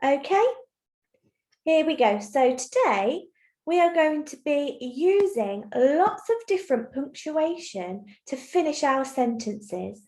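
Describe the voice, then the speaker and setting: Teacher, female, fairly high voice, patient and clear with young kids, recorded on a computer mic in an echoey room. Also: expressive, slow pace, a little mellow. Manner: clear, patient, encouraging explanation. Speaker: primary school teacher. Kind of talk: recorded online lesson for young children. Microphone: computer mic while screen sharing.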